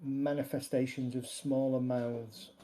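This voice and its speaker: A man voicing a calm, matter-of-fact man who plans to blow up a monster, speaking flatly and without emotion. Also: mid-range voice, close to an everyday voice, rough recording. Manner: flat, unemotional, deliberate.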